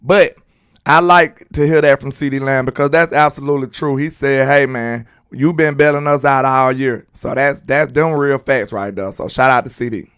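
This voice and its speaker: A man with a Southern US accent hosting a casual livestream sports commentary. He talks in an animated, slangy way and breaks into sing-song shout-outs. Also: medium pitch, moderate pace, smooth, no echo, clean studio sound. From Alabama. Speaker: sports channel host.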